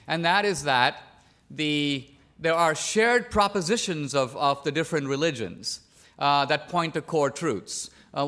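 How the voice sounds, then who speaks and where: Measured man arguing in a debate. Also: on the high side, bright, forceful tone. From India. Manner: measured, pointed, cross-examining. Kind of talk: formal debate argument. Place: debate stage in a large hall.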